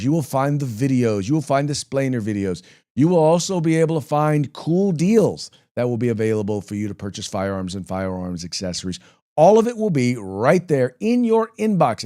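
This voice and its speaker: A man hosts a casual political talk show in a fairly low voice. He rambles in a folksy way, full of fillers and restarts. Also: mellow. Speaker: podcast host.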